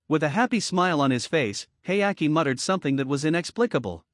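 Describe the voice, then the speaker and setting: A man narrating an anime recap at a steady reading pace. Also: a little high, fairly quick, few pauses, dry recording, clean studio sound.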